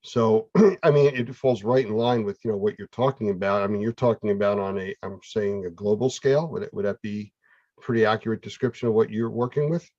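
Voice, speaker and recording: A man's voice: fairly low pitch, fairly quick, a little mellow, no room sound. Man, host, casual chat, explanatory, dull lo-fi audio, dry sound.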